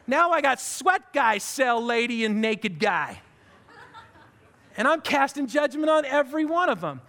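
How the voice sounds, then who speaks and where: A man preaching a sermon, telling stories in an animated way with comic outbursts. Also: very high-pitched, measured pace. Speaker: pastor. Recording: long reverb of a large hall.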